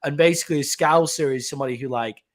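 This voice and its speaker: A chatty man with a fairly high voice talks in a loose, unscripted podcast style. He swears freely and explains things at length. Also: quick pace. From England. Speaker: podcast co-host. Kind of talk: casual podcast chat.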